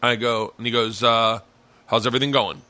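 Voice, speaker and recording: A man's voice: medium pitch, brisk, dry recording. A man hosting a casual podcast chat in a man cave, telling stories and acting out the other people in them. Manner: animated storyteller acting out quotes. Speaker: podcast host. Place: home basement man cave.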